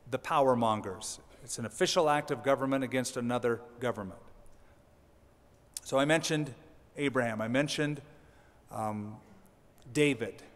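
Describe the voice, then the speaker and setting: A man's voice: mid-range voice, in a large hall. A male pastor preaching a sermon in a conversational way, with dry humorous asides.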